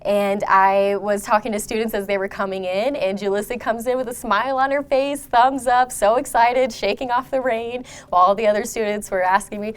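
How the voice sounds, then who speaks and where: A woman from a school program, telling a story in a video tribute, lively and proud. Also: on the high side, a little fast, hardly any pauses, clear, resonant tone.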